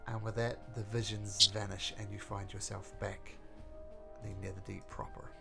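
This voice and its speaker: A man running a tabletop game as game master, narrating in a relaxed way with fillers. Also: fairly low pitch, measured pace, creaky, long pauses, faint music behind.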